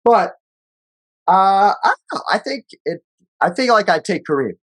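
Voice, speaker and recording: A man's voice: sits high, sing-song, normal speed, fairly bright tone. Casual man reading sports stats aloud. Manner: reads stats and quotes aloud, loose and profane. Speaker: podcast co-host. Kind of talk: casual sports podcast chat.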